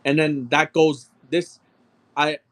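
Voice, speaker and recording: A man's voice: a little high, takes it slowly. A man in his thirties chatting casually while selling on a live stream, telling a story with lots of swearing and calling out sale numbers. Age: 30s. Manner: profane, animated storyteller, calls out sale numbers. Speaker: live-stream auction seller.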